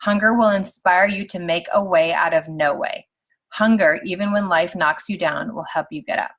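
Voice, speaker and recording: A woman in her thirties giving a casual, animated pep talk to her team on a video call. She talks quickly and fills her speech with "like.". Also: lowish voice. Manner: chatty and animated, heavy use of "like". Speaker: team leader on a sales call.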